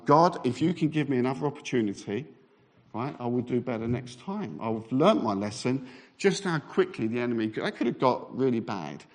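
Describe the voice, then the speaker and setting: A middle-aged man, a Baptist minister, telling a self-mocking story in a sermon. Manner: animated, self-mocking anecdote with lively pitch swings.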